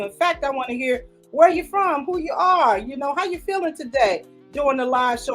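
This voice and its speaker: An older woman hosts her own live talk show in a loose, casual chat. She talks effusively and a little on the high side, greeting viewers one after another and doubling up her words. Soft music runs faintly underneath.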